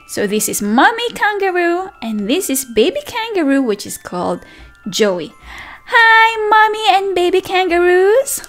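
A woman teacher reading a picture book aloud to toddlers, animated and sing-song, with excited gasps and friendly questions to the children. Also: very high voice, moderate pace, faint music behind. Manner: speaks directly to young children with questions and praise. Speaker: children's teacher and channel host. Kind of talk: read-aloud storytelling for toddlers.

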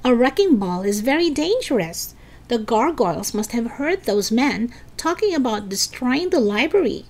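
A woman's voice: fairly high pitch, big pitch swings, normal speed, darkish tone, voice pushed up. A woman playing a determined schoolgirl. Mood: insistent. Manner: insistent.

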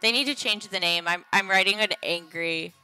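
A woman's voice: medium pitch, normal speed, pushed and bright, clean tone, soft background music. A young adult woman hosting a casual game livestream, chatting playfully and joking with her viewers. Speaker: livestream host.

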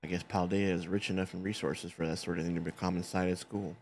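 A man's voice: deep voice, level tone, quick pace, darkish tone, faint music behind. A man reading as a chatty, gushing woman teacher. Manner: reads on-screen game dialogue aloud in a loose, unpolished way.

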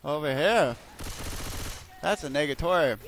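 A young man giving profane, excitable gameplay commentary, cursing at his teammates with loud outbursts. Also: on the high side, measured pace, a little hiss or hum. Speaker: gaming video creator.

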